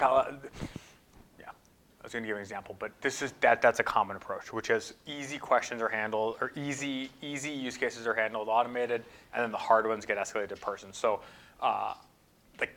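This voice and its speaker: Bright-voiced man answering questions. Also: medium pitch. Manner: thoughtful, hedging with fillers and restarts. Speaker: guest speaker. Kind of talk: conference Q&A answers.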